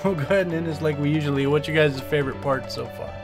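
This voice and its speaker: A man's voice: fairly high pitch, rapid-fire, music in the background. A man hosting and wrapping up a tabletop game show, chatting casually with frequent laughs. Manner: laughing, lively wrap-up. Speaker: host. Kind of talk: casual chat.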